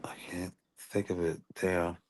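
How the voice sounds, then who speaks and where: Laid-back low-voiced man on a livestream. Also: flat delivery, measured pace, a little mellow. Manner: laid-back, laughs often. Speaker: livestream co-host. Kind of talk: casual commentary chat.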